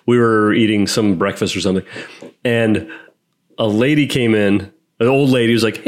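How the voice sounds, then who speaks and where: A man in casual podcast chat, trading short quips and telling a travel story. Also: lowish voice. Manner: quick reactions and short quips. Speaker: podcast co-host.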